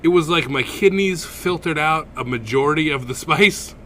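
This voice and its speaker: Speaking at a normal pace with a fairly high pitch, this podcast co-host spins a profane, laugh-filled story in casual conversation, with slight background noise behind him.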